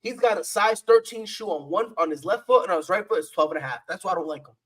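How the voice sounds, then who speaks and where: A man's voice: high-pitched, animated, fast talker, fairly bright tone, husky, poor audio. A man co-hosting a sports podcast, talking in a playful, repetitive trash-talk style. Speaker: podcast co-host. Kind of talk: casual sports chat.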